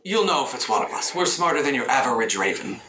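A man doing a calm, courteous raven man. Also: medium pitch, fast, background noise, natural voice. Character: polite male wereraven, man in raven-feather cloak. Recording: roomy room with violin music behind.

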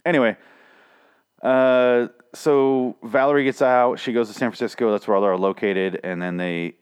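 A man's voice: medium pitch, fairly even intonation, moderate pace, clean tone. A man casually recapping a TV episode, swearing and sarcastic, rambling with lots of restarts. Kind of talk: casual spoken recap and review.

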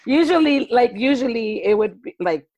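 A woman middle school teacher chatting casually on a podcast, telling lively stories. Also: fairly high pitch, normal speed, highs cut off. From Southern California. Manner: animated storytelling with acted quotes. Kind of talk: casual chat.

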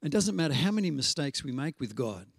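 A man preaching a sermon in a conversational storytelling way, slowing down to stress scripture references. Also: fairly high pitch, very animated, creaky, husky, no echo, studio quality. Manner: conversational storytelling with frequent fillers and restarts.

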